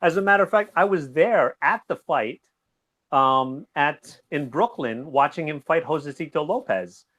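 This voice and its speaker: A man guesting on a boxing talk show, rambling in an animated way and laughing easily. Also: a little high, moderate pace. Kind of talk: casual boxing recap chat.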